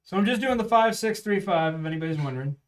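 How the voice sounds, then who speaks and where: A man's voice: sits high, lively intonation, fast, recorded from a distance. A man casually chatting on a live stream at home while practicing craps, calling out rolls and bets.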